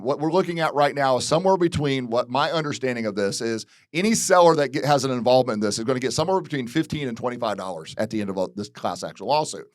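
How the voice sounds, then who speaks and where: A man's voice: mid-range voice, dry recording, clean studio sound. A man from Florida, a real estate broker, talking candidly about industry changes, repeating phrases and restarting sentences as he goes. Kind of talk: casual commentary. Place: real estate office video.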